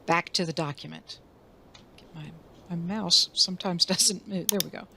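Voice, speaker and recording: A woman instructor talking through a software tutorial in a chatty way, asking rhetorical questions and making self-deprecating asides. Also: on the low side, normal speed, vocal fry, noisy background. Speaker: college instructor. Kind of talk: screen-recorded software tutorial.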